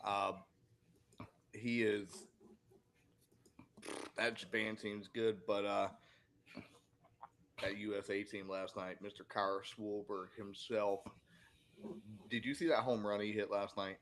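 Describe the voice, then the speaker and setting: A man's voice: on the low side, little pitch movement, slow, pauses often, a bit bright, a little hiss or hum. A man co-hosting a sports podcast, chatting casually and rambling with many fillers and restarts. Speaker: podcast co-host.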